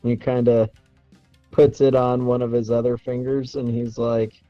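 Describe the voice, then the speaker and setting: A man playing a tabletop game, joking in a relaxed, slangy way. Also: medium pitch, normal speed, no echo, muffled recording, soft background music. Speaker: player.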